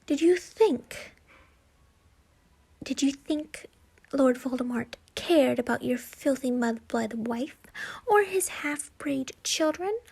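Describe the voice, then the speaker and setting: Mean cackly witch villain, woman reading her out, slow and gravelly, baby-talk mockery. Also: high voice, animated, darkish tone, full character voice. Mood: taunting. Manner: taunting, sing-song mockery. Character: cruel mocking woman, dark witch villain.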